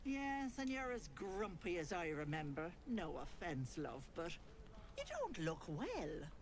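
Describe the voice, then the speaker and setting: A woman's voice: fairly low pitch, huge pitch swings, unhurried, exaggerated voice. A woman voicing a sly old hag who poses as a kindly granny, with folksy, fussing, old-fashioned speech.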